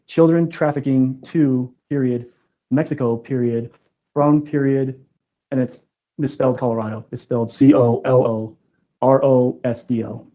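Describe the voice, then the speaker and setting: A man testifying as a witness in court, calmly reading out a list of items and spelling out words letter by letter. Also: medium pitch, normal speed, rough recording. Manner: matter-of-fact, reads items out and spells them.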